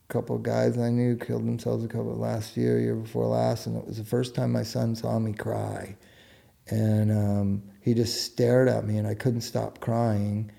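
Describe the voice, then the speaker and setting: Gravelly, mellow-voiced man. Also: lowish voice. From United States. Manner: frank and earnest, blunt with occasional swearing. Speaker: guest speaking about his own life. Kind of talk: candid conversational talk.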